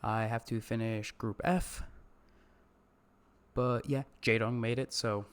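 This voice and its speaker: A man hosts a casual esports podcast from his streaming setup. He rants about tournaments and swears freely, stopping now and then to greet his live chat. His voice sits at a middling pitch for a man. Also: steady tone, slow, clear, resonant tone. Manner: profane, ranting, talks to live chat. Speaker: podcast host.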